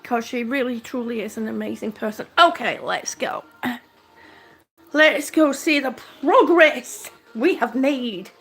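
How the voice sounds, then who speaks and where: A woman's voice: fairly high pitch, a little slow, fairly bright tone, slightly rough, soft background music. A woman chatting casually on a live-stream vlog from her home, thanking viewers by name. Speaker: vlogger. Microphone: phone or camera held by hand.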